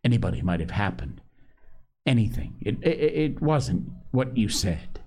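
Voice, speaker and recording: A man voicing an anxious, stubborn schoolboy who stammers and pleads in rough, working-class speech. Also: on the low side, big pitch swings, normal speed, a little mellow. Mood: pleading.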